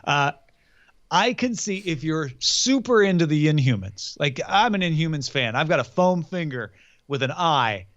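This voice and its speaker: Male co-host, slightly high voice, dry humor, muffled recording. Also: expressive, moderate pace, fairly bright tone. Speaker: podcast co-host. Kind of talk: casual chat.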